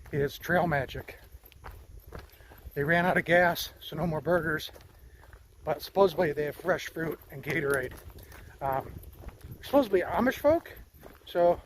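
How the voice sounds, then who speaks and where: Man, slightly higher voice, chatty trail vlogger recorded outdoors with faint background noise. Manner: chatty, upbeat, easily moved. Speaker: long-distance hiker vlogger. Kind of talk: casual vlog to camera.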